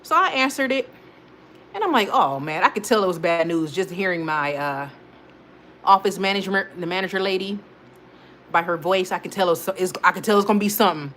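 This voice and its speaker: A woman's voice: lowish voice, fairly quick, slight background noise. A woman hosting a casual live stream, rambling animatedly in slang-heavy speech and talking straight to her viewers. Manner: rambling and animated, talks straight to viewers, frequent laughs and restarts. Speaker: host of a weekly live check-in stream.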